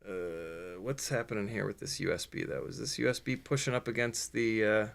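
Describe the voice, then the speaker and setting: A man's voice: on the low side, normal speed, creaky, fairly bright tone, a little hiss or hum. A man hosting a livestream, chatting loosely as he works and answering viewer questions, with casual swearing and dry sarcasm. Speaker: livestream host building a drone.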